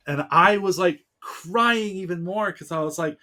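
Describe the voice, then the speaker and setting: Animated, heartfelt storyteller with a man's voice. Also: a little high, normal speed, hardly any pauses. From United States. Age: 30s. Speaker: podcast guest. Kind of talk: casual podcast interview.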